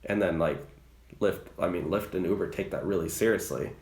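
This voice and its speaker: Relaxed young man, echoey room. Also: low voice, a little fast. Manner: relaxed, chatty, many fillers and restarts. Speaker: rideshare driver and channel host. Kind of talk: casual advice chat.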